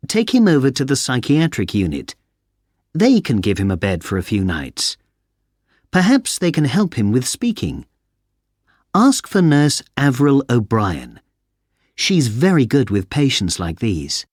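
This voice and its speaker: A man doing a brisk hospital doctor. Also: mid-range voice, huge pitch swings, no room sound, studio quality, pitched above the performer's own voice.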